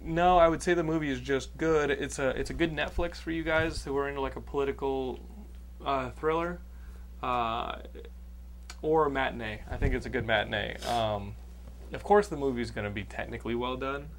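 A man from Texas talks through a movie review in loose, rambling podcast chat, filling gaps with ums and the odd swear word. His voice sits at an ordinary middle pitch. A faint hum runs under the recording. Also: normal speed. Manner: rambling, animated, swears freely. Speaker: podcast host.

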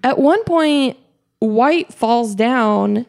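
Giggly young woman with a gravelly edge. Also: on the high side, animated, extremely slow, a little mellow. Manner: chatty, giggly, many fillers and restarts. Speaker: podcast co-host. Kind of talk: casual chat recapping a basketball game.

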